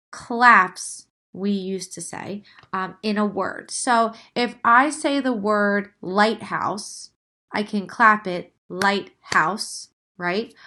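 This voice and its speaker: A woman's voice: mid-range voice, pushed and bright. A young woman teacher giving a recorded lesson, speaking patiently, drawing out her words and often checking in with "okay?".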